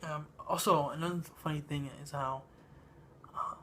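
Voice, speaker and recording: A man giving a casual spoken movie review, halting and meandering, with lots of ums and uhs. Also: fairly high pitch, steady tone, pushed and bright, slight background noise. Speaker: film reviewer.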